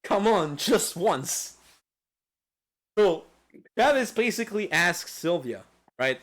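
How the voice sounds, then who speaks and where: Profane, animated man joking through a game recap. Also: sits high, slow. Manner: crude, profane and playful, laughs often. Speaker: host. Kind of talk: comedic lecture recapping a video game.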